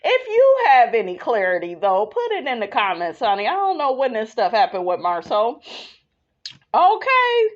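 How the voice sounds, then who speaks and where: Woman, podcast host, sassy, casual commentary, lively swooping pitch, dull lo-fi sound. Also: moderate pace, hardly any pauses. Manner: sassy, animated, calls listeners honey.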